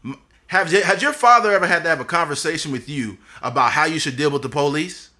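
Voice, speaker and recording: A podcast host in his thirties tells his story bluntly and with passion, swearing through casual chat. His voice is a little high, quick, and sharp.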